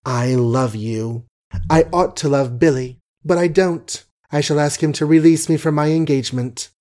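A man's voice: a little high, fairly even intonation, moderate pace, mellow, voice pushed up, natural voice. A man voicing an emotional young woman who pleads and questions her lover, in a storybook reading. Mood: sullen.

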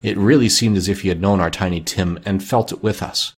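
A man voicing a gentle, grieving Victorian clerk and father in a tender, earnest audiobook reading. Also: low-pitched, fairly quick, slightly rough.

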